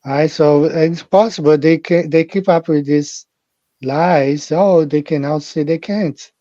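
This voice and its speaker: Slow, dark-toned man hosting a live stream. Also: fairly high pitch, fairly even intonation, dry recording. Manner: rambling, repeats phrases, addresses viewers directly. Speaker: livestream host. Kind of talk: casual live-stream talk. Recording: muffled lo-fi audio.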